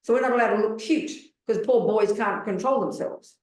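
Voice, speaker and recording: A woman's voice: fairly high pitch, brisk, a little mellow. A woman in her seventies, a Buddhist nun giving a dharma talk in a blunt, emphatic way, pressing her listeners with rhetorical questions. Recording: roomy hall sound.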